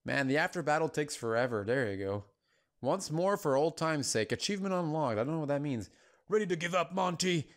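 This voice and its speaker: A man hosting a let's play, giving casual gameplay commentary in an anxious, pleading and excitable way. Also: fairly high pitch, a little fast.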